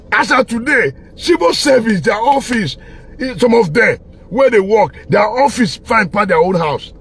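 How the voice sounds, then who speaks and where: A man's voice: high-pitched, expressive, unhurried, vocal fry, husky. A Nigerian man speaking with a Pidgin-flavoured accent, giving a passionate, preachy political monologue full of repetition. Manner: preachy, repetitive, with bursts of laughter and shouting. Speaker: online commentator.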